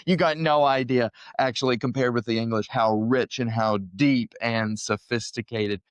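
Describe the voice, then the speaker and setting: A man's voice: medium pitch, steady tone, moderate pace, smooth, no room sound. A young man co-hosting a conversational Bible study podcast, speaking in an earnest, thoughtful way and laughing easily. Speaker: podcast co-host.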